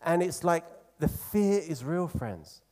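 A man preaching a sermon in an earnest, conversational way, slowing down to stress key phrases. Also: fairly high pitch, animated, warm tone.

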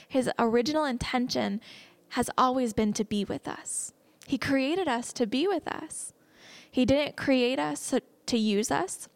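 A young woman delivers a casual sermon in a slightly high voice. She talks in an earnest, conversational way, reading verses and reflecting on them. The sound is dry and close, with little room around it. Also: dry recording. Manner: earnest and conversational, slips into excited laughs. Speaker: speaker teaching a Bible message.

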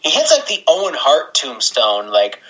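A man's voice: mid-range voice, wildly swooping pitch, moderate pace, sharp tone, rough recording. A man co-hosting a casual podcast, rambling and sarcastic, swearing and laughing as he talks. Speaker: podcast co-host. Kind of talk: casual wrestling podcast chat.

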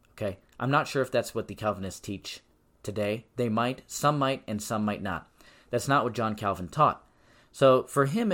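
A man hosting a podcast, teaching the Bible in a preaching style. He speaks emphatically, swings from loud insistence to quiet stress, and reads scripture in a slower, measured cadence. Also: on the low side. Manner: conversational asides and tag questions.

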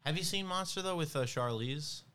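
A young man as a podcast guest, chatting in an animated way, laughing often and saying "like" a lot. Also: fairly high pitch, normal speed, clear, resonant tone. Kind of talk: casual chat.

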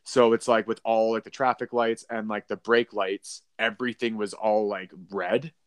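A man's voice: on the low side, level tone, normal speed, clear, resonant tone, dry recording, studio quality. A young man co-hosting a podcast, telling a story in a rambling way with lots of fillers and laughs. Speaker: podcast co-host. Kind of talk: casual chat.

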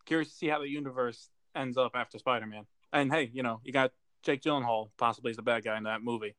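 Man, co-host, casual movie talk, enthusiastic, mid pitch, dry recording. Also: fairly even intonation, quick pace, fairly bright tone, dry recording. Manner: enthusiastic, chatty, with fillers. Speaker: podcast co-host. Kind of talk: casual chat about upcoming movies.

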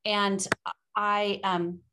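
A woman hosts a podcast conversation in a middle-pitched voice. She draws her guest out with encouraging prompts and warm affirmations. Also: flat delivery, extremely slow, noisy background. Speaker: podcast host. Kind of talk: interview conversation.

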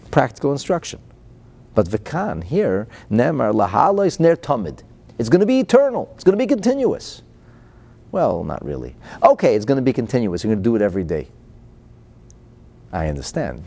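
A man's voice: lowish voice, creaky, dark tone. A man teaching Torah and explaining a Chassidic discourse. He reads out Hebrew phrases, translates them into English, asks rhetorical questions and chuckles between points.

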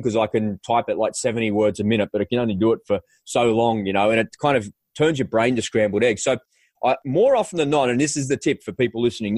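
A man hosting a podcast, chatting casually in quick bursts with frequent restarts. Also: medium pitch, a little mellow, no room sound. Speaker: podcast host. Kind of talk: casual conversational chat.

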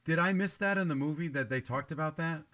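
A man's voice: fairly high pitch, fast, fairly bright tone, slight background noise. A man hosting a movie review podcast, critiquing a film in long, analytical, run-on remarks in casual chat.

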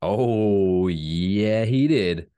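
Low-voiced man hosting casual news chat. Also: extremely slow, clean tone. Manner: lively, jokey, reads news out loud with big pitch swings. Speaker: podcast co-host.

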